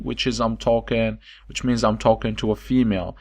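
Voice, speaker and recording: Guy teaching an online class, lots of ums, goes slow over words, mid-pitch voice. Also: steady tone. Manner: halting, many fillers, repeats words slowly for learners. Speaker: language teacher. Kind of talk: recorded online lesson.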